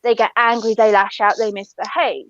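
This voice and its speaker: A woman's voice: on the high side, flat delivery, normal speed, no room sound, highs cut off. A woman talking in a casual online chat, rambling with fillers and swearing freely. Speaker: panelist.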